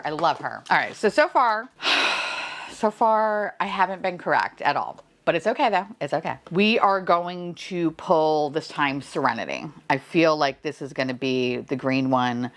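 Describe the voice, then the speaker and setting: A young adult woman with a deep, fairly bright voice chats casually through a toy unboxing. She gushes, gasps and squeals at each reveal, and swears casually.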